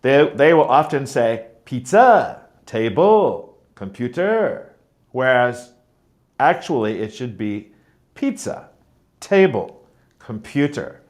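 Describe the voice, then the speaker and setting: A man's voice: medium pitch, animated, takes it slowly, pauses often. A man teaching a pronunciation lesson, modelling stressed and unstressed syllables with exaggerated stress on example words. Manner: explains clearly, models sounds like mm-mm. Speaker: teacher trainer.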